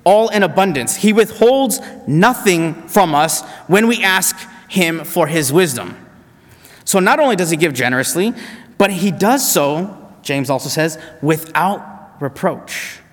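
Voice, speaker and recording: A man preaching a sermon, emphatic, slowing down to repeat key phrases. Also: sits high, expressive, big-room sound.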